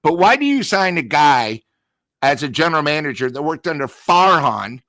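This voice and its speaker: A man's voice: on the high side, very animated, normal speed, fairly bright tone, dry recording. A man giving blunt, ranting sports talk, telling stories with quoted back-and-forth. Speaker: sports talk show regular. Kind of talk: heated casual sports talk.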